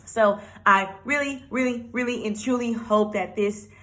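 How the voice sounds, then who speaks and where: A young woman vlogger telling a personal testimony in a chatty, animated way, with lots of fillers. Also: a little high, measured pace.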